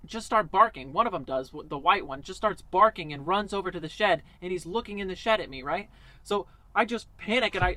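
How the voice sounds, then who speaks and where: A young man telling a story casually to camera, animated, with lots of fillers and quoted dialogue. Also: high voice, dry recording. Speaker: vlogger.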